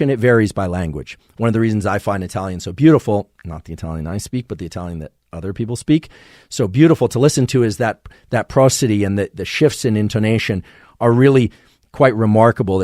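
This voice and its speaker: Low-voiced man explaining science calmly. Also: no room sound, studio quality. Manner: measured, explanatory, professorial. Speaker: podcast host. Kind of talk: solo science explainer monologue.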